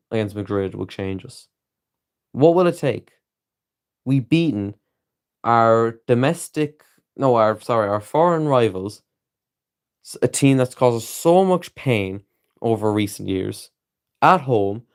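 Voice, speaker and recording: A man's voice: medium pitch, clear, resonant tone. A young man with a Liverpool accent, ranting bluntly to camera as a football fan vlogger, swearing freely and sounding frustrated. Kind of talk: opinionated casual rant to camera.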